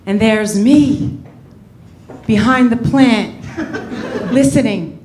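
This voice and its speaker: A young woman doing a stand-up comedy set on a club stage, telling stories in a brash, swearing, animated way. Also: a little high, slow pace, roomy sound, noisy background.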